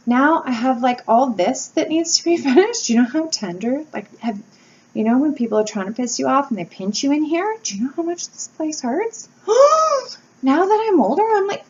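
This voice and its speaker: A woman, chatting candidly to camera from home as a YouTuber, telling stories with lively energy and casual swearing. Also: high-pitched, brisk. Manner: candid, animated storytelling with swearing and laughs. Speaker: wax-melt YouTuber and blogger. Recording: slightly dull home recording with faint background noise.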